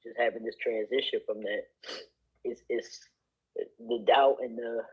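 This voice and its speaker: A man's voice: medium pitch, steady tone, a little slow, breathy edge. A man in his thirties in a casual group chat, rambling and repeating himself. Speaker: group participant. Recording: dull, slightly muffled sound.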